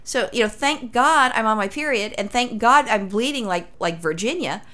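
A woman's voice: on the high side, expressive, moderate pace, pushed and bright. A woman from Los Angeles telling a crude story in casual chat, swearing freely as a podcast host.

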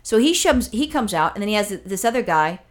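Fast-talking, foul-mouthed woman ranting. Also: mid-range voice, big pitch swings. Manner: profane, exasperated storytelling. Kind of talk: casual chat, ranting anecdote.

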